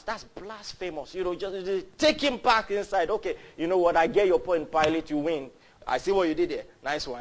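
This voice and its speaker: A man's voice: on the high side, close to an everyday voice. A man, voicing a pompous, scheming Roman governor during a sermon. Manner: smug, brisk, exasperated.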